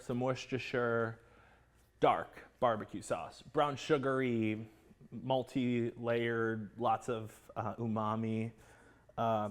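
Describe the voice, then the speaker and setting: A man hosting a live cooking class, chatty and excitable, greeting viewers by name. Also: fairly high pitch.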